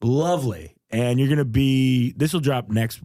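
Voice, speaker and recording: A man's voice: mid-range voice, normal speed, mellow. A man hosting a casual comedy podcast, goofy and self-mocking, with lots of filler words. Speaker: podcast host.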